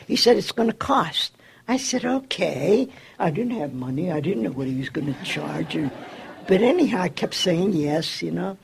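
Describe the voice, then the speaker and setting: Recounting a personal story about community work, an older person speaks with vocal fry and a slightly rough edge. They perform the quoted lines of the people in it, lifting their voice to play each part.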